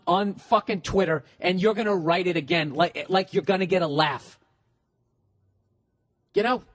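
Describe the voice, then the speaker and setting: Blunt, foul-mouthed male podcast host. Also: high voice. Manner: blunt, heavily profane, ranting. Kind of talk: profane advice rant.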